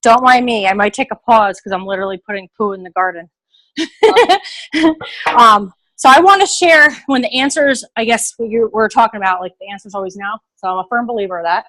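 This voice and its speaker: A woman on a video call from her garden, out of breath from carrying heavy bags, telling an animated story and acting out what people said. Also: fairly high pitch, a little fast, dry recording, rough recording. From New York area. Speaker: team member sharing a story. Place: outdoors in a garden.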